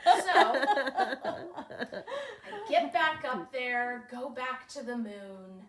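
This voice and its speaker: In a high, exaggerated voice, expressive and full of drawn-out words, a woman voices a winged mermaid goddess who is cheeky and carefree. She narrates her tale in first person, playful and breezy, giggling and laughing often between phrases. Crowd noise and a roomy echo fill the recording.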